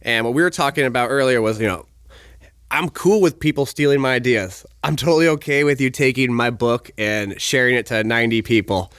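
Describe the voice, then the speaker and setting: A man guesting on a podcast, telling stories in a lively, animated way and acting out quoted lines with laughter. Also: medium pitch, a little fast, clear, resonant tone, no echo, clean studio sound. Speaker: podcast guest, strength coach. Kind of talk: casual podcast conversation.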